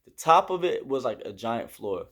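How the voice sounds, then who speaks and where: A young man with a medium-pitched, sing-song, fairly bright voice speaks at normal speed. He casually recounts army basic training, rambling and leaning on fillers while using hand gestures to walk through the steps.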